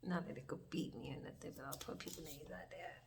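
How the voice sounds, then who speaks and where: A woman's voice: deep voice, fast talker, vocal fry, in a whisper. A young woman, telling a rambling, profane story in a casual storytime vlog. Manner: rambling, profane, animated storytelling with many asides. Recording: distant mic, faint background hiss.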